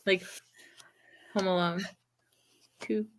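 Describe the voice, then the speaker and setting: A woman's voice: medium pitch, steady tone, drawn-out words, a little hiss or hum. A woman in her thirties chatting casually, telling stories and laughing often. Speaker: podcast co-host. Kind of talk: casual chat.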